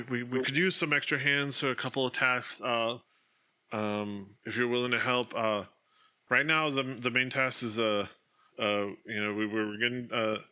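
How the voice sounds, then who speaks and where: A man's voice: mid-range voice, bright, forceful tone, clean tone. A man voicing a flustered, stammering male town burgomaster who keeps asking for help, on a dull lo-fi recording.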